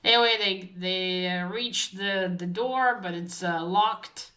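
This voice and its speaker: A woman's voice: mid-range voice, sharp tone, rough recording. Hesitant woman retelling a story. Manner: hesitant, many filler pauses. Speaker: book discussion host. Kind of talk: casual retelling of a novel.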